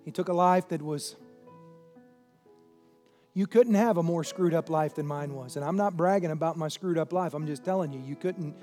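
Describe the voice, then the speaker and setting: A male pastor preaching a sermon. He fires rhetorical questions at the congregation and swings from loud shouting to quieter intensity. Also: fairly high pitch, fairly quick, hardly any pauses, soft background music.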